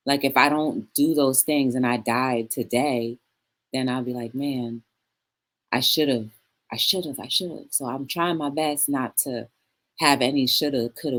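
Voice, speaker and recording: A woman hosting a live talk show, chatting casually and rambling, answering viewers and laughing often. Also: a bass voice. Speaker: talk show host reading live chat. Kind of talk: casual chat.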